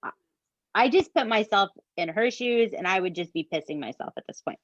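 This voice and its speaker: Animated woman telling a true crime story. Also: mid-range voice, fairly quick, dry recording, highs cut off. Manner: animated, swears, addresses listeners as "you guys". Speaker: podcast co-host.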